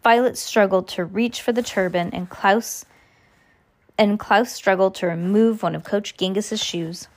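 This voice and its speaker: Woman reading a storybook aloud. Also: measured pace. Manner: reads all parts herself, high giggles for characters. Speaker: reader. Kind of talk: audiobook reading.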